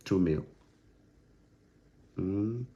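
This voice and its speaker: On a live stream, a low-voiced man stretches out his words as he answers viewer comments, lecturing sternly and emphatically and repeating himself a lot. The audio is very noisy and the highs are cut off.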